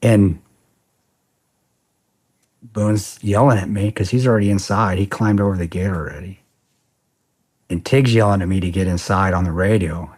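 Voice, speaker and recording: A man being interviewed on a podcast, telling a story in a casual, animated way, swearing often and saying "man" a lot. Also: sits low, fairly quick, slightly rough. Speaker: podcast guest, former soldier.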